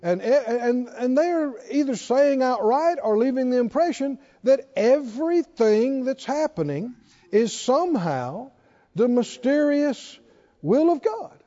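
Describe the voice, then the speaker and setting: A man's voice: extremely high pitch, animated, slow, dark tone. A male pastor preaching a sermon, calling on the congregation to answer back. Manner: call-and-response preaching, asks the congregation to answer. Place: church sanctuary. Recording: echoey hall, dull lo-fi sound.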